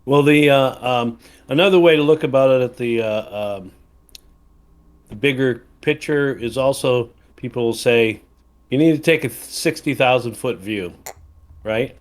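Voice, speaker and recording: A podcast co-host from Wisconsin, USA, speaks in an unhurried, mid-range male voice. Chatting casually, he tells a rambling anecdote full of fillers and restarts.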